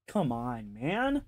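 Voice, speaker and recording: Slow, profane, exasperated streamer man. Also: medium pitch, darkish tone, no room sound. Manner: exasperated, profane, mocking rants. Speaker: commentary streamer. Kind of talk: casual reaction commentary.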